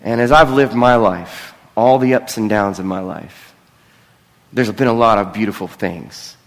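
A man's voice: fairly low pitch, a little slow. A middle-aged man preaching a conversational sermon, earnest and often breaking into self-deprecating asides. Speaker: pastor. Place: church sanctuary. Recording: long reverb of a large hall.

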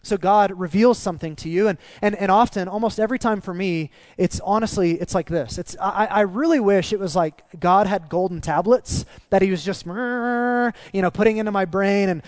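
A man preaching a sermon as pastor, animated and swinging down to quiet emphasis on key phrases. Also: high voice, normal speed, no echo.

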